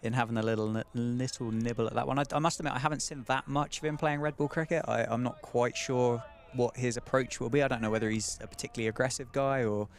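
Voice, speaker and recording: In a steady mid-range voice, a man rattles through live ball-by-ball cricket commentary fast with few pauses, keeping it conversational and regularly asking his co-commentator questions.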